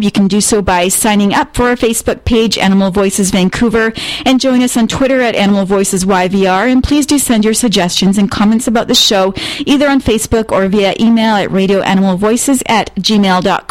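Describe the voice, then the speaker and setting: A woman hosting a radio show, reading scripted announcements in an even, friendly tone. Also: medium pitch, dry recording, low-quality recording. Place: radio studio. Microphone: studio microphone.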